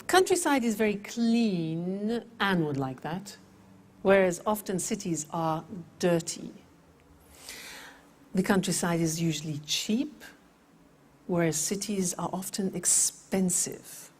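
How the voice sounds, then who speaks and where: A woman teaching English vocabulary in a scripted lesson, speaking deliberately and repeating words for pronunciation. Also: on the low side, lively intonation.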